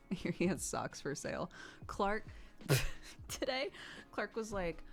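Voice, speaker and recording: A woman's voice: mid-range voice, very animated, slow, soft background music. A woman in her thirties, streaming and chatting casually while gaming, telling stories and laughing often.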